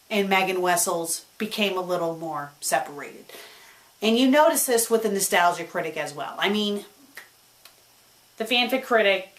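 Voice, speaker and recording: A woman who runs a web show, answering her viewers' questions in a casual vlog. She talks in an animated way, swings between excited and subdued, and repeats words when she stumbles. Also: fairly low pitch.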